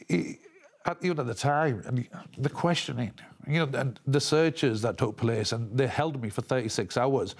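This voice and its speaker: A man giving an emotional news interview, talking haltingly with many restarts and repeated words. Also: mid-range voice, husky. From England.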